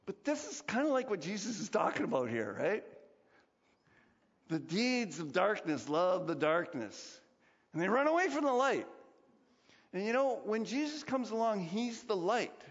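Animated male pastor, echoing sanctuary. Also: high voice, moderate pace. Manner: animated, conversational, acts out quotes. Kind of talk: sermon. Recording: dull recording, long hall reverb.

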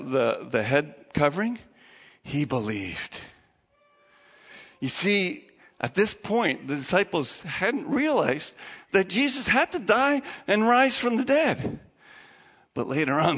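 A man telling a story to children in an animated, dramatic way. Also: on the high side, breathy edge, big-room sound, highs cut off. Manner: animated, dramatic retelling with restarts.

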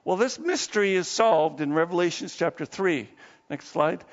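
A man's voice: sits high, expressive, unhurried. A man preaching a sermon, telling a story in a casual, folksy way. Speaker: pastor. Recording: dull lo-fi echoey hall.

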